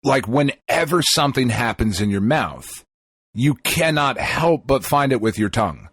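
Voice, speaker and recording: A man's voice: medium pitch, very animated, normal speed, a bit bright, breathy edge, no room sound. A man co-hosting a podcast, bantering crudely with frequent swearing. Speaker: podcast co-host. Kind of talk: casual chat.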